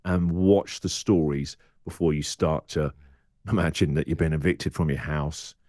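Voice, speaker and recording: A man's voice: extremely low pitch, fairly even intonation, moderate pace, a little mellow, dry recording, studio quality. A middle-aged English radio presenter speaking candidly as a podcast guest, acting out his inner voice in quoted asides.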